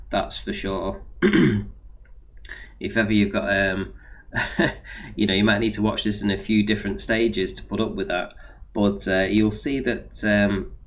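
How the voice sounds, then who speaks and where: A man hosting a live debate stream, talking casually with lots of ums and short laughs. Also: lowish voice. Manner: laid-back, many fillers and laughs. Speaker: host of a live debate show.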